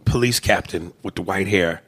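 A man chatting casually about a movie, animated, with exclamations and big jumps in pitch. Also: moderate pace, husky.

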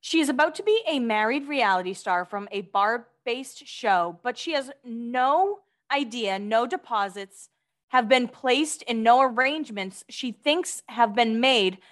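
A woman's voice: a little high, expressive, measured pace, fairly bright tone. A woman co-hosting a podcast, reading gossip items aloud and chatting with giggly asides. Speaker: podcast co-host.

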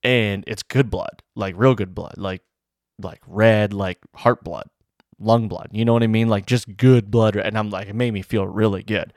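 A man with a somewhat low voice talks through his hunt in a loose, rambling way, packed with "like" and "you know". He sounds eager and caught up in the story. His voice is recorded close and dry, with no room echo. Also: steady tone, moderate pace. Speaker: bowhunter. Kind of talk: casual storytelling to camera.

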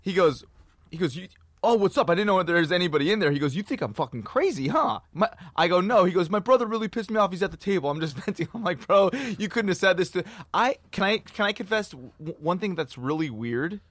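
A man co-hosting a podcast, telling crude stories in a casual, animated way. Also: high voice, fast talker, no echo, clean studio sound. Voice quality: animated storyteller, laughs often. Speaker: podcast co-host.

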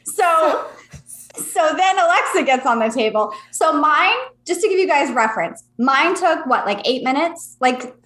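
A woman's voice: high voice, expressive, a little slow, a bit bright, faint music behind. A woman co-host telling a story in casual chat, blunt and swearing freely. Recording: roomy echo.

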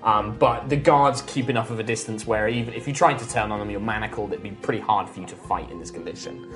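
A woman narrating as game master, relaxed and full of fillers. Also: rumbling low, quick pace, faint music behind.

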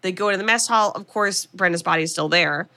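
A woman's voice: fairly low pitch, fast, sharp tone. A woman podcast host casually recapping a horror film plot as a chatty storyteller. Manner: chatty storyteller, quotes characters.

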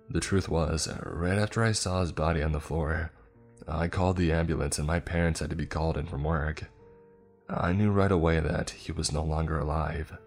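A man narrating a scripted first-person horror story in a steady, dramatic way. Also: very deep voice.

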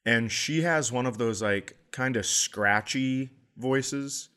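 A man's voice: mid-range voice, slow, smooth. Rambling comedic storyteller man. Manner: rambling storyteller, animated impressions. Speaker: podcast co-host, comedian. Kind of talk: casual comedic chat.

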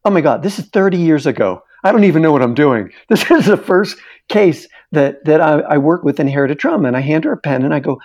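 A man's voice: fairly high pitch, expressive, brisk, hardly any pauses, darkish tone, highs cut off. A middle-aged man, a therapist and interview guest, animatedly telling a case story and acting out the dialogue.

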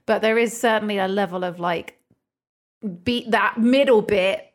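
Young woman, podcast co-host, laughs easily, casual swearing, mid-pitched voice. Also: a little slow. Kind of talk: casual chat.

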